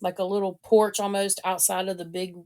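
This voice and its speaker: A woman's voice: mid-range voice, flat delivery, fairly quick, mellow. A woman co-hosting a podcast, telling a story casually with hesitant ums. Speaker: podcast co-host.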